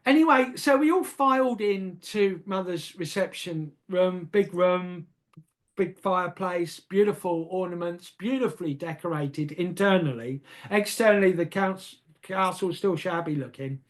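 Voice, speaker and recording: A man's voice: high-pitched, unhurried. An older man from England tells a personal story in a casual interview, hesitant and often repeating words, laughing at himself.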